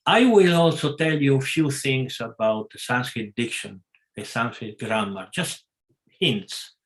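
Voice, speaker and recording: A man leads a scripture class at a very unhurried pace. He gropes for words, stops often and corrects himself as he goes. His voice sits at an ordinary middle pitch. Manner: halting, many pauses and self-corrections. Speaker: class speaker.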